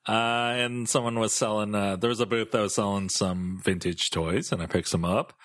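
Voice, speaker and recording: A man co-hosting a casual podcast, speaking in a low-key, matter-of-fact way with many pauses. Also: steady tone, a bit bright, dry recording. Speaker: podcast co-host. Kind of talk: casual chat.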